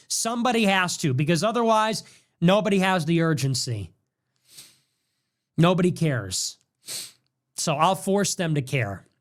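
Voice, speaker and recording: Young man, podcast host, high voice, combative rant, mocking, repeats his demands. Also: a bit bright. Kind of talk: political monologue rant.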